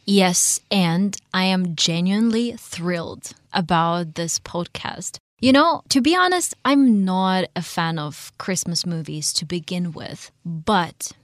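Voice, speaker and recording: A woman guest on a radio chat, talking in a playful, animated way and laughing often. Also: fairly low pitch, takes it slowly, few pauses, no echo, studio quality.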